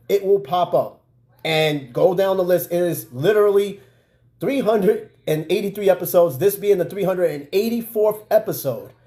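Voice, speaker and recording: Chatty New York man, dark voice. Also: high voice. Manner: loose, chatty, frequent fillers and asides to viewers. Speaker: podcast host. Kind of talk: casual live-stream chat.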